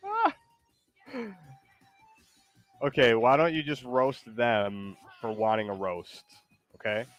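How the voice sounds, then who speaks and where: A man hosting a casual stream, talking in a hesitant, rambling way with lots of pauses. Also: medium pitch, big pitch swings, muffled recording, faint music behind. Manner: hesitant, rambling, many ums. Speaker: streamer host.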